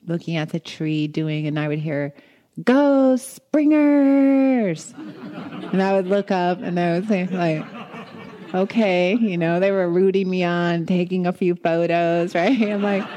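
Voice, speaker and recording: Woman, dharma talk, lively storyteller, low pitch, mellow warm tone. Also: normal speed, few pauses, dull audio. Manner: animated storytelling, acts out her own thoughts with laughs. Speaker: meditation teacher.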